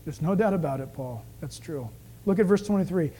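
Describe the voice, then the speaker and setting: A man preaching a sermon, animated, acting out the scenes he tells. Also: on the high side, a little fast. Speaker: pastor.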